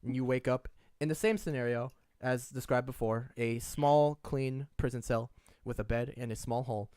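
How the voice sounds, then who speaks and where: A man's voice: mid-range voice, steady tone, moderate pace, darkish tone, smooth, no room sound, clean studio sound. A man narrating as game master, casual and laughing as he describes scenes.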